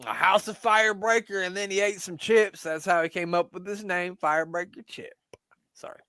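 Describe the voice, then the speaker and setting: A man's voice: high voice, fairly even intonation, moderate pace, sharp tone, clean tone, no room sound. A man co-hosting a podcast, chatting casually and joking while commenting on an old wrestling show. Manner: jokey, playful, laughs often. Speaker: podcast co-host.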